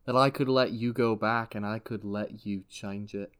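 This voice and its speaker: A man voicing a mysterious all-knowing magic crystal that questions calmly and probingly. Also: normal speed, clear, resonant tone, close to an everyday voice. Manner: calm, probing, low-key questions.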